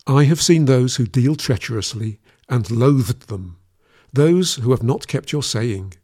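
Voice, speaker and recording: A man giving a solemn scripture reading in a measured, even recitation, his voice dropping lower each time he addresses the Lord. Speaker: scripture reader.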